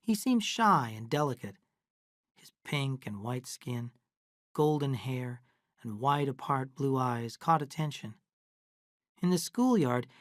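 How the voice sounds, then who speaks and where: Dry, even storybook narrator. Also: mid-range voice, no echo. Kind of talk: scripted storybook narration for English learners.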